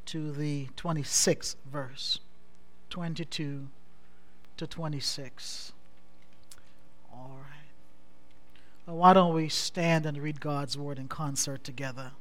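A man preaching a sermon as pastor, building through repeated refrains that rise in a preaching cadence. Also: on the high side. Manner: repetitive, rising preaching cadence; measured, soft-spoken scripture introduction.

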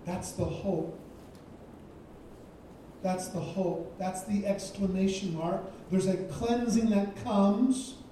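Guy preaching, high but super mellow voice, repeats stuff for emphasis, far off mic in a big echoey church. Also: steady tone, takes it slowly, pauses often, slight background noise. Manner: emphatic, repeats key phrases. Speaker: guest preacher. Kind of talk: sermon. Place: church sanctuary.

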